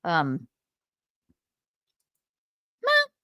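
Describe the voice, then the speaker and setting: Woman host, giggly reaction chat, animated pitch, unhurried, dry close mic. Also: no room sound. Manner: giggly, musing aloud. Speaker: livestream host.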